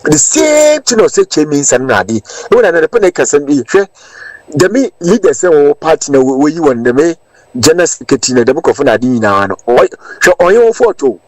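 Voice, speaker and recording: Ghanaian man, caller, political commentary, repeats words for emphasis, higher voice, dry sound. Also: sing-song, a little fast, no room sound, rough recording. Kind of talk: political commentary in Twi and English.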